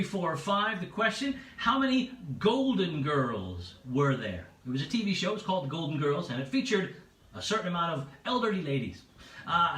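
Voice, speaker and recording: A chatty male quiz host with a high, bright voice and lively ups and downs, reading questions twice and chuckling at his own asides. He sounds a little distant from the mic in a roomy, echoing space. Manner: chatty, repeats each question, laughs at own jokes. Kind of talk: livestreamed pub quiz hosting. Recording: echoey room, away from the mic.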